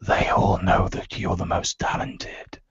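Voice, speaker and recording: A man's voice: takes it slowly, slight background noise, natural voice. Man doing inhuman whispering presence, cold, slimy, bubbling, lo-fi. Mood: menacing whisper.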